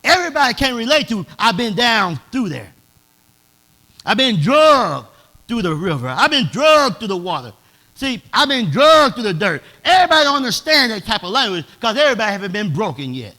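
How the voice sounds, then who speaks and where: High, bright-voiced preaching pastor. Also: male voice, big pitch swings, fairly quick. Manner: preaching in a dialect, swelling to shouts. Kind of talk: sermon.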